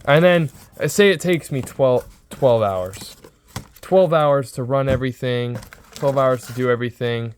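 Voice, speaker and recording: A man in his early twenties talking in a casual, rambling vlog style, excitable and repeating himself. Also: mid-range voice, measured pace, slight background noise. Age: 20s. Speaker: sports card seller and vlogger.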